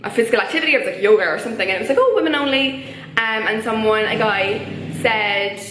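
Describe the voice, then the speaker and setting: A woman's voice: mid-range voice, fast talker, a bit bright, slight background noise. A young woman with an Irish accent giving her opinions in a casual vlog, chatty and full of filler words. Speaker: vlogger. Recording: echoey room.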